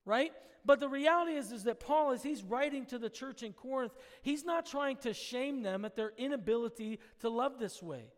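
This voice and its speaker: A male pastor preaching an earnest sermon, swinging between loud and hushed and acting out the voices he quotes. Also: very high voice, moderate pace, few pauses. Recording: long reverb of a large hall.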